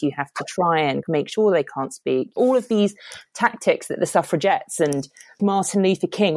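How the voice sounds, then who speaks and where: A woman with a low-pitched voice, venting in a heated, emphatic rant about something that clearly frustrates her. The sound is dry and close, with no room around it. She keeps pushing her point, building momentum as she goes. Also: darkish tone, no room sound. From United Kingdom. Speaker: guest commentator. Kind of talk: heated opinion chat. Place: parents' house, remote.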